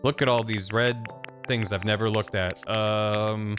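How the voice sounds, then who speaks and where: A man's voice: lowish voice, fairly even intonation, a little slow. Man chatting through a game stream. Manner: rambling, thinking aloud, reads game text aloud. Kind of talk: casual gameplay commentary. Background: game music.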